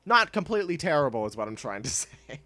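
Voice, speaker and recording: A man streaming a game, chatting casually with his viewers in a laid-back, rambling way and laughing often, with soft music playing behind him. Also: fairly high pitch, big pitch swings, fast talker. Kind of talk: casual chat while gaming. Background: soft chill music.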